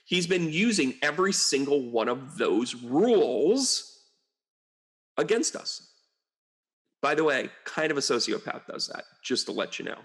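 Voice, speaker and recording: A psychic medium rambles through a casual political commentary monologue, animated and full of asides, mocking quotes and exasperated outbursts. He has a medium-pitched voice and speaks at a moderate pace.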